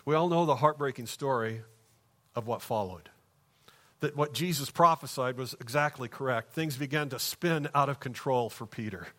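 Preaching in church, a pastor alternates quiet, slow stretches with loud, emphatic moments. His is a male voice in the mid range.

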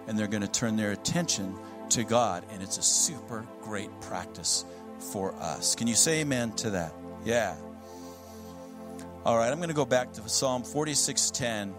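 A man preaching a sermon in a casual, conversational way with light humor. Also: medium pitch. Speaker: guest preacher.

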